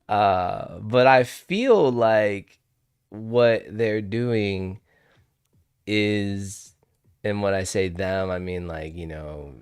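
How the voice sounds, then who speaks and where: Man chatting on a livestream, low voice, slow unhurried talk, dry close sound, rambling and laughing. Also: clear, resonant tone, no room sound. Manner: rambling, laughs often, swears casually. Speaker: trading livestream host. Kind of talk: casual livestream chat.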